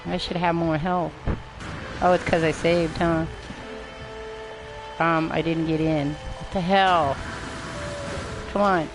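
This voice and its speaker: Older lady streaming a game, kinda low and croaky, chatters at chat and herself, music playing under it. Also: fairly even intonation, takes it slowly, pauses often. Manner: rambling, chatting to herself and viewers, mild swearing. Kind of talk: live gameplay commentary.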